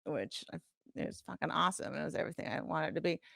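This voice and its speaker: Animated, profane woman telling stories. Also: deep voice, fast, vocal fry, no room sound, studio quality. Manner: animated, profane, full of "like" fillers. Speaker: podcast guest. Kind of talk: casual storytelling chat. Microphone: podcast studio mic.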